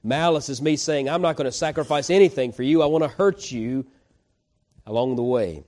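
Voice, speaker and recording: A man's voice: medium pitch, fairly quick, darkish tone. A man preaching a folksy, conversational sermon, acting out the voices in a Bible story. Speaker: pastor.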